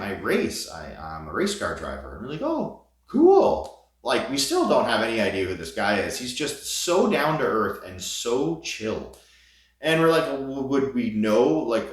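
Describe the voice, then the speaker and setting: A man telling an excited vlog story, gushing, with his voice jumping high at the thrilling parts. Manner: animated, gushing, voice jumps high when excited. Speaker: vlogger. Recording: very echoey room.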